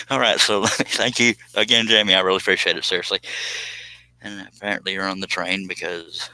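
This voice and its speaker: A man's voice: deep voice, flat delivery, brisk, sharp tone, smooth, no echo, low-quality recording. A man chatting casually on a live stream, reading viewer comments and joking around with a rambling, laugh-prone manner. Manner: joking, rambling, laughs at his own jokes.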